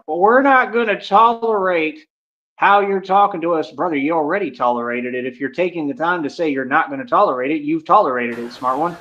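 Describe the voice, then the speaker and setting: A man's voice: mid-range voice, a bit bright, dull audio. A young man ranting boastfully to his stream audience, brash and swaggering, filling his talk with "like". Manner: brash, swaggering, heavy use of "like".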